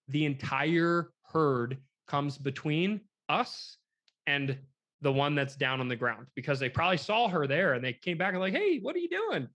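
A young man telling a story in casual conversation, lively and quoting people as he goes, with lots of filler words. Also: a little high. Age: young adult.

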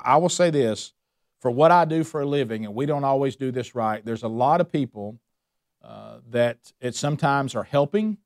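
A man's voice: mid-range voice, no room sound, clean studio sound. A man teaching a Bible study, emphatic and repeating his points with rhetorical questions. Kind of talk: preaching a Bible study lesson.

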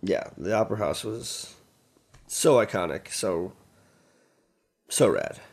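A man's voice: low voice, expressive, slow pace, darkish tone, slightly rough. A man co-hosting a podcast, laid-back and wisecracking in casual chat. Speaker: podcast co-host.

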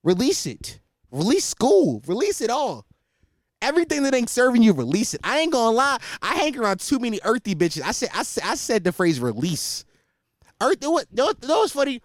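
A young man hosting a podcast, in a casual comedic rant that is profane and animated, and he laughs at his own stories. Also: extremely high pitch, fairly quick, dry recording, clean studio sound. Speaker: podcast host.

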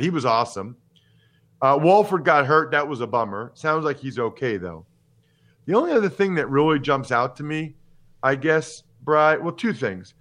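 A man in his forties with a bright, forceful voice that sits a little high for a man. He talks in casual podcast chat, animated and emphatic, and he drops jokes between strong opinions. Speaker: podcast host and former football player.

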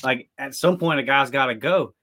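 A man co-hosting a sports talk show, making his case in an earnest, argumentative way with quick bursts of speech. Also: medium pitch, sharp tone. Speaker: podcast co-host.

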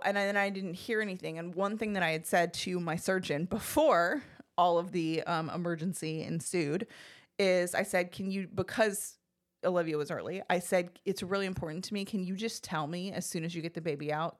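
A woman co-hosting a podcast, chatting casually as she tells a personal story and acts out what others said. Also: on the low side. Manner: chatty, animated, acts out quoted voices. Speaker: podcast co-host telling her birth story.

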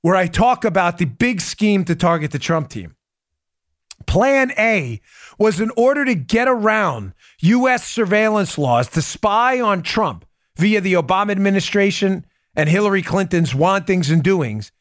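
A man hosting a political commentary show, talking emphatically, repeating his key points and breaking off into quick asides. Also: high voice, lively intonation. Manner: asides and self-interruptions. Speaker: podcast host.

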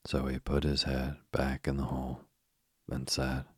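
A man reading a children's storybook aloud as narrator, calm and unhurried. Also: a bass voice, slightly rough, dry recording, studio quality.

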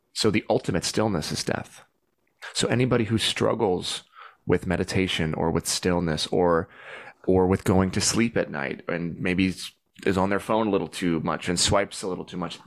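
A man in his forties, a podcast guest, talking earnestly and reflectively about faith and fear, sometimes rising into loud pleading. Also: sits low, vocal fry. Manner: earnest, reflective, bursts into loud pleading when recounting prayers. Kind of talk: heartfelt conversation.

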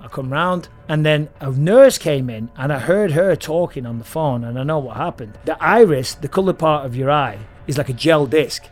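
A man with an English accent telling a long story as a podcast guest, swearing freely and acting out the people in it. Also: a little high. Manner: profane, animated, acts out the people in his story. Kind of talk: casual storytelling.

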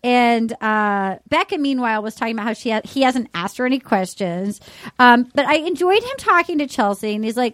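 Woman host, bright high register, swoops all over, cracks up, impersonates people mid-story. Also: moderate pace, dry recording. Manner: animated, profane, acts out cast members' lines in mock voices. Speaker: podcast host recapping a dating show. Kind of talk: casual comedic recap.

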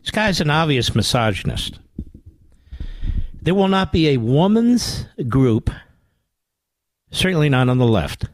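This older man hosts political talk radio in a combative, sarcastic, mocking way. His voice swings widely in pitch, from low growls to high exclamations, at an unhurried pace with frequent pauses, in a dry studio-mic recording.

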